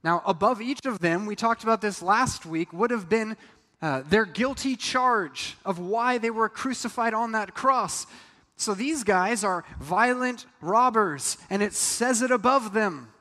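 In a reverberant hall, a man preaches as a pastor, addressing the congregation in a conversational way and acting out the lines he quotes. His voice is high and sharp, and his delivery is a little slow.

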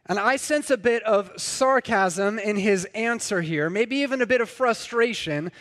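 A man's voice: sits high, unhurried, fairly bright tone. A man preaching a conversational sermon, sometimes acting out the people in his story. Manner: conversational, acts out quoted voices. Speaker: pastor. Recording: long hall reverb.

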